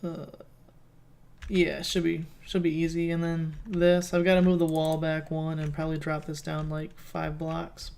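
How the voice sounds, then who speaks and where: A man's voice: on the high side, completely flat delivery, a little slow, gravelly, darkish tone. A man giving casual gameplay commentary as a let's play host, rambling and thinking aloud as he plays.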